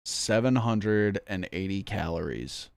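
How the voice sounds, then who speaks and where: Slow-talking man rambling on stream. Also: deep voice, animated, vocal fry, no echo. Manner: rambling, profane, jokey, says "bro". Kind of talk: casual stream chat.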